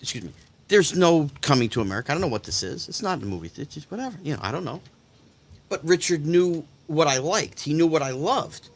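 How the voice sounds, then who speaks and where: A man in his fifties, a guest in a casual chat, telling anecdotes with animated delivery and slipping into other people's voices. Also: a little high, a little fast. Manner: animated, acts out quoted voices. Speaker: guest storyteller.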